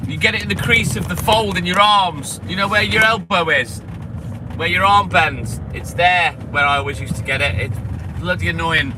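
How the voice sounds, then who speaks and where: Man, fairly high voice, blunt sweary banter, street and traffic noise behind. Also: moderate pace. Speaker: livestreaming milkman. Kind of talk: casual chat with live viewers. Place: outdoors on delivery rounds.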